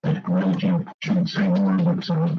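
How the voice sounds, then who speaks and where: A man's voice: sits low, little pitch movement, normal speed, highs cut off, slight background noise. A man hosting a late-night call-in radio show, chatty, wry and easily amused. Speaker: radio talk show host.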